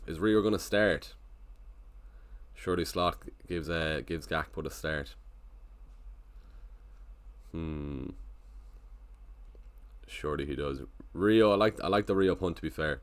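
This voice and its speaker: A man's voice: sits low, a little slow, pauses often. A man casually chatting on a live stream, thinking aloud and greeting viewers in the chat. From Ireland.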